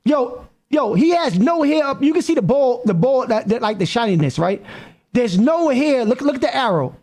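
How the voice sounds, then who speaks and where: Animated high-pitched man reacting on stream. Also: normal speed. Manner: animated, repeats himself, calls out to people. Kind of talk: live-stream reaction commentary.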